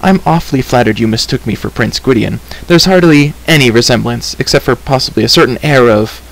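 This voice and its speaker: A man's voice: mid-range voice, brisk, gravelly, lightly acted, low-quality recording. A man voicing a chatty wandering bard who talks in a flowery, apologetic way, in a storybook reading. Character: chatty wandering male bard, flustered and wordy.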